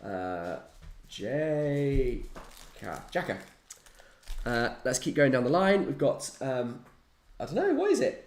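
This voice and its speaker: A young man chatting casually on a live stream, animated and playfully dramatic. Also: mid-range voice, slow, pauses often. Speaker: hobby streamer.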